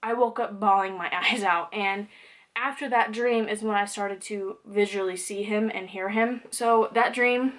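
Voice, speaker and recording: In a personal vlog, a young woman talks candidly to camera, loose and conversational, dropping plenty of "like" and "um". Her mid-range voice is fairly bright, with fairly even intonation and a slightly slow pace.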